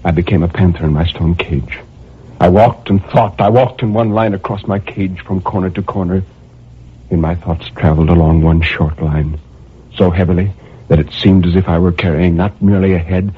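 Tormented murderer, husky voice, manic then brooding, old-time radio drama, muffled vintage recording. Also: male voice, sits low, fairly even intonation, moderate pace. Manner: swings between manic laughter and brooding menace. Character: tormented male murderer raving in his cell.

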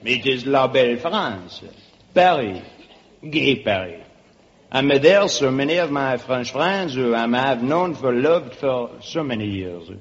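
A man playing a suave French crooner who speaks slowly and softly, on an old radio broadcast. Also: medium pitch, animated, pitched below the performer's own voice, natural voice. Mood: dreamy. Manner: slow, soft, dreamy. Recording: dull old radio broadcast with hiss and theater reverb.

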